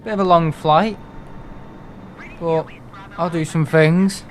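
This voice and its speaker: A young man chats loosely on a live gaming stream, his voice sitting a little high. He rambles from one thought to the next, laughs a lot and pokes fun at himself, with a faint hum of background noise. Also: fairly even intonation, slow. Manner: rambling and chatty, laughs often, self-mocking. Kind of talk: casual live-stream chat.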